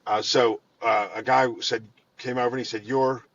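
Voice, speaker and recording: A man guest telling long stories in an interview, animated and full of restarts and repeated words. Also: mid-range voice, normal speed, dull audio. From Pittsburgh area. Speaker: guest, financial firm head. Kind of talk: conversational storytelling in an interview.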